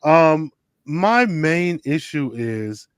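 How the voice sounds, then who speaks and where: Man co-host, unhurried, blunt slangy delivery, dry recording. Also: on the high side, very animated, smooth, dry recording. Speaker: podcast co-host. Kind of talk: casual chat.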